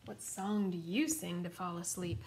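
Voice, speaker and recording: A woman's voice: fairly low pitch, steady tone, unhurried, vocal fry, darkish tone, a little hiss or hum. A woman reading a picture book aloud to children, chatting and asking them questions along the way. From United States. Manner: chatty, asks listeners questions. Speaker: storybook reader.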